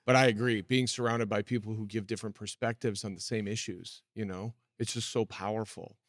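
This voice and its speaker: A man's voice: lowish voice, steady tone, a little fast, dry recording, clean studio sound. A man hosting a podcast interview, agreeing and chatting easily with his guest. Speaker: podcast host. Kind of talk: podcast conversation.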